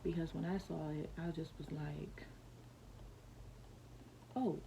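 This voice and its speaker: A woman's voice: low-pitched, little pitch movement, moderate pace, gravelly, background noise. A young woman vlogger telling a personal story in a rambling, casual way, full of fillers and restarts.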